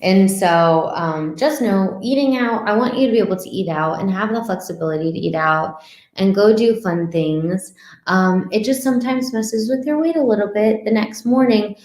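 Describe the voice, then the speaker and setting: A woman's voice: mid-range voice, normal speed. Chatty woman coach in an echoey room. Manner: chatty, lots of fillers, acts out excited clients. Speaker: wellness coach. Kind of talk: casual instructional talk with screen share.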